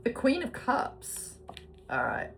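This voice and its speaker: A woman's voice: high voice, wildly swooping pitch, slow, vocal fry, over music. A British woman in her forties doing a casual tarot reading, chatty and given to swearing and tangents. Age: 40s. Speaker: tarot card reader.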